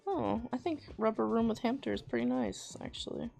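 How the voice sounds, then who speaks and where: A woman's voice: on the high side, huge pitch swings, fairly quick, vocal fry, darkish tone, faint music behind. A woman hosting a livestream, chatting casually in a rambling, joking, slangy way. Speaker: livestream host and artist.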